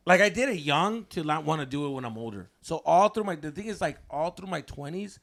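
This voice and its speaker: A man's voice: a little high, animated, fairly quick, gravelly, a bit bright. A man in his thirties telling a wild story on a casual podcast, slangy, swearing often and mixing in Spanish words.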